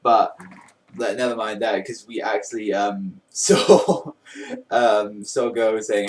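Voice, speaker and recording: A man's voice: fairly low pitch, fairly even intonation, takes it slowly, recorded from a distance, slight background noise. A young man casually reviewing a manga chapter, rambling and amused, with lots of fillers.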